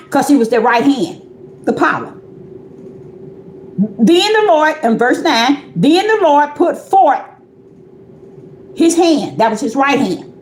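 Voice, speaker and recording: Emphatic preaching woman, high voice. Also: reverberant, slight background noise. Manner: emphatic, repeats rhetorical questions. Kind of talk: preaching on a livestream.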